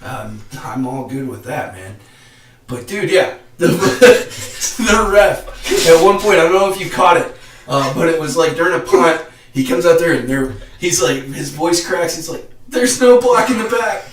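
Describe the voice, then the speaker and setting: A man hosting a casual live-stream podcast, talking excitedly with slang and frequent laughter. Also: fairly high pitch, measured pace. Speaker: podcast host. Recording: roomy echo.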